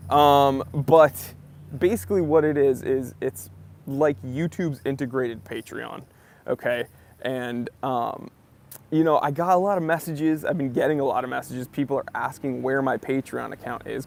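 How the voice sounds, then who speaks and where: A young man from New Hampshire chats through a casual live stream, greeting viewers by name. His voice sits at a middle pitch with a gravelly fry. He keeps a loose, talkative host manner. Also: a little hiss or hum. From southern New Hampshire.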